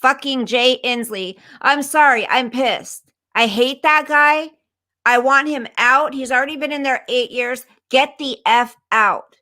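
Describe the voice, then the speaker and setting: A woman's voice: high-pitched, unhurried, pushed and bright, dry recording. Indignant, swearing woman livestreamer. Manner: indignant ranting, swearing, reading news aloud. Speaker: livestream host. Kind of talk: casual livestream commentary.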